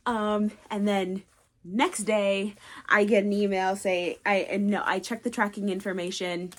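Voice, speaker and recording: A woman talking casually in a book unboxing vlog, gushing with excitement and often dropping to a breathy whisper. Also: mid-range voice, a little slow. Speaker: book vlogger.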